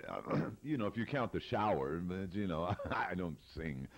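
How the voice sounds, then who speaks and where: Deep-voiced man with a golden radio voice. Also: expressive, moderate pace. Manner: warm, effusive, laughs easily. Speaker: guest broadcaster. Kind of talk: casual interview chat.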